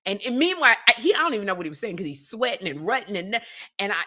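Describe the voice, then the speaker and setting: A middle-aged woman co-hosting a comedy podcast, telling stories and acting out quotes loudly in casual chat. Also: mid-range voice, rapid-fire. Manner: animated storyteller, acts out quotes loudly. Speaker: podcast co-host.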